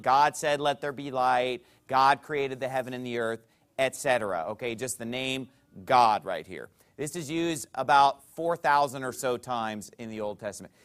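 A man with a fairly high, very animated voice preaches a teaching sermon in a church. He leans hard on key words, then drops to quiet asides, checking in with his listeners again and again. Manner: teaching with a chart, frequent "okay?" check-ins; emphatic swings between loud and soft. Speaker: pastor.

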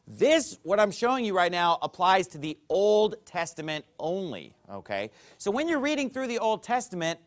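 A man with a fairly high, very animated voice preaches a teaching sermon in a church. He leans hard on key words, then drops to quiet asides, checking in with his listeners again and again. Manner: teaching with a chart, frequent "okay?" check-ins; emphatic swings between loud and soft. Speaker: pastor.

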